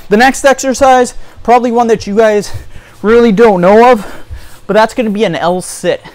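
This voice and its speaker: A man with a fairly high voice talks through a casual home workout tutorial. He is chatty and encouraging, keeps addressing his viewers directly, and sounds slightly out of breath. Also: steady tone, normal speed, a little mellow, dry recording. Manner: chatty, repeats "you guys", encouraging. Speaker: fitness vlogger.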